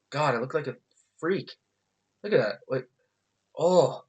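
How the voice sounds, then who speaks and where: A young man talks straight to his camera in a casual vlog, spinning a rambling story. His delivery is animated and loose, full of filler words, swearing and bursts of laughter. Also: a little high, a little slow. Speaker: vlogger.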